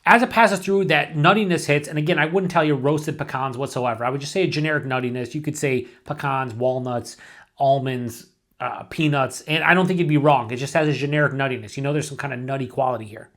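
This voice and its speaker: A man's voice: medium pitch, a little fast, a bit bright. A man giving a casual beer review to camera, thinking aloud and rambling with restarts and asides.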